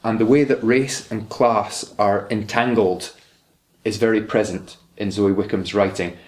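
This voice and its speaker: A man's voice: fairly low pitch, steady tone, a little slow, a little mellow. A young man, a doctoral researcher, explaining literature in an interview, thoughtful and hesitant, with restarts. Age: young adult. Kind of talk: academic interview, explaining and reading aloud. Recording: roomy echo.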